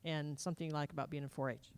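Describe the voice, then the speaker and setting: A woman's voice: deep voice, level tone, very fast, darkish tone, slight background noise. A woman emceeing a live state fair event on a corded handheld mic, folksy and enthusiastic. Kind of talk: live stage hosting. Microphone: corded handheld microphone.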